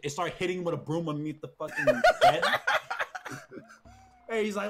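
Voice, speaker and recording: A man's voice: high voice, huge pitch swings, brisk, fairly bright tone. A young man streaming, casually telling stories about friends, swearing and laughing, acting out what they said. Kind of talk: casual storytelling chat.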